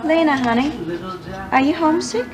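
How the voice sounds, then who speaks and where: Kind, teasing older coworker in an 80s soap, played by an actress. Raised voice, music underneath. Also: female voice, sits high, normal speed, close to an everyday voice, poor audio. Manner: warm, teasing, encouraging. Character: kindly motherly coworker, Nita. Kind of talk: 1980s TV soap opera acting.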